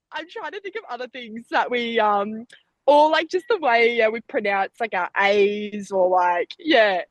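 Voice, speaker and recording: A chatty young woman with an Australian accent, talking in a fairly high voice. She speaks in fast bursts and laughs easily. The sound is close and dry. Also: fairly bright tone, no echo, poor audio. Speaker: Olympic sprinter, guest. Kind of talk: casual interview chat.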